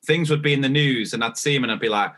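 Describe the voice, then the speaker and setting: A young man co-hosting a podcast, telling a story in an easy, chatty way and acting out bits of the dialogue. His voice is bright and forward, sitting at an ordinary middle pitch. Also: fast. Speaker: podcast co-host. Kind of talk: casual chat.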